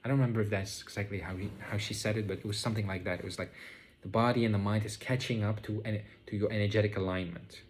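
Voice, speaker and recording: A man with a low voice gives a casual spoken reflection on his own experiences. He talks in a slow, searching way, with many fillers and restarts. His tone stays calm and unhurried. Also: slight background noise. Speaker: vlogger sharing spiritual experiences.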